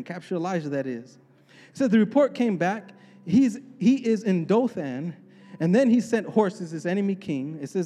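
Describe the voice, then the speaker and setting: A man preaching with a notably high voice, earnest and repeating words as he begins each thought. His sermon rings out with a long hall reverb. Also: animated, normal speed, warm tone. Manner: earnest, repeats words when starting sentences. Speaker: pastor.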